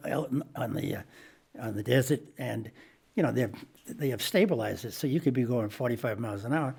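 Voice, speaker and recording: A man's voice: mid-range voice, gravelly, husky. An older man, a comedian guest, telling anecdotes in a podcast interview and acting out the people in them. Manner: animated anecdote teller who acts out voices.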